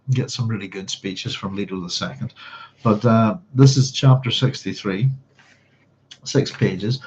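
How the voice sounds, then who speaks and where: A man's voice: on the low side, darkish tone, a little hiss or hum. A man hosting a book club livestream, chatting in a rambling, casual way. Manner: rambling, chatty, hums to himself. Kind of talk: casual livestream chat and reading. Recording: slightly dull lo-fi stream audio.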